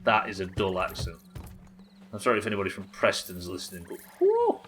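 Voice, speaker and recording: A man's voice: low voice, fairly even intonation, fast talker, sharp tone, slightly rough, soft background music. Chatty, sweary English man streaming a game. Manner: swears freely, rambling and chatty. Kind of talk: casual chat while playing.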